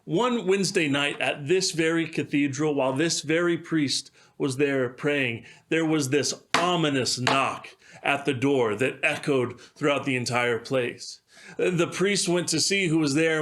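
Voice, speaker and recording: A pastor telling a devotional story in a measured way, with occasional fillers. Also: male voice, a little high, fairly bright tone.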